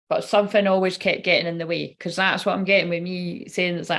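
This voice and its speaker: A woman's voice: fairly low pitch, fairly even intonation, fairly quick, hardly any pauses, a bit bright. A young woman, a tarot card reader, chatting casually and rambling to her viewers, laughing often and swearing freely.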